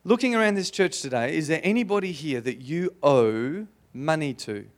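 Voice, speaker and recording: A man with an Australian accent preaching a sermon to a church congregation, lively and playful, often asking the room questions. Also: on the high side, moderate pace. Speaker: pastor.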